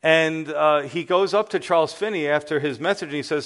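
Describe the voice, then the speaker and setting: A man's voice: on the high side, brisk, few pauses, a bit bright. A man preaching an earnest, emphatic sermon and telling a story.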